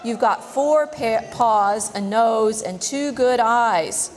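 A woman's voice: on the high side, slow pace, a little mellow. A woman voicing a teasing, wise male albatross in a storybook, speaking in singsong verse. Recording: long church reverb.

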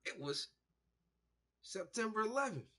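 A man with a husky, breathy voice talks casually while he paints, swearing freely and slipping into the voices of people in his stories. His delivery is loose and animated, rising and falling as he gets worked up. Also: sits high, a little slow. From United States. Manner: profane, animated storytelling with acted-out quotes. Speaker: painter and show host. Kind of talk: casual storytelling monologue.

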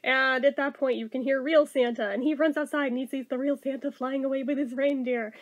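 A woman giving a casual, excitable movie review who swears freely, laughs easily and talks in a chatty, rambling way full of fillers. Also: sits high. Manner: excitable and animated, quick to laugh.

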